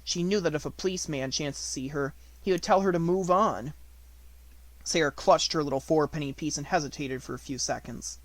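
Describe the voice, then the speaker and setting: A man reading an unabridged audiobook in a measured storytelling manner, slowing on descriptive words. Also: on the high side, no echo. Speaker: audiobook reader.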